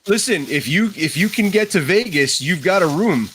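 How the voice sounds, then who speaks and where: A man's voice: high-pitched, animated, moderate pace, a bit bright, slight background noise. A man joining a casual chat remotely, friendly and inviting.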